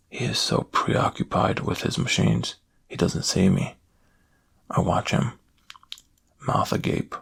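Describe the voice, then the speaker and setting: A man giving a slow, hushed first-person reading of a creepy story in soft-spoken ASMR narration, close to the mic. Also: deep voice, fairly even intonation, vocal fry, breathy edge.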